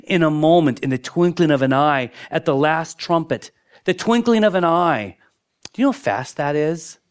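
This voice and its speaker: A man's voice: on the high side, lively intonation, moderate pace, clean tone. Dynamic male pastor preaching a sermon. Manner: dynamic preaching, dropping to near-whispers for emphasis; repeats words as he builds a point.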